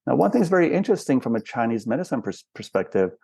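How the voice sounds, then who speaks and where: A man's voice: mid-range voice, very animated, very fast, creaky, a little mellow, slightly rough, no echo. An older man, a spiritual counselor and guest, explaining patiently and asking rhetorical questions in a reflective interview.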